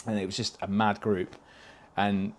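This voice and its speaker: A man's voice: lowish voice, flat delivery, moderate pace, a little hiss or hum. A man, a podcast guest telling casual anecdotes, swearing freely and laughing through his stories. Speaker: podcast guest, stock car racing driver.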